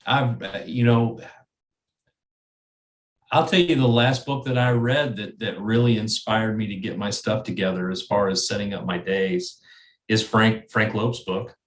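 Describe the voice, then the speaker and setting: A man's voice: on the low side, fairly even intonation, a little slow, roomy sound. A man who is a guest on an interview, speaking earnestly and often repeating words as he thinks. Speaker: guest, sales manager. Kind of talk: interview conversation.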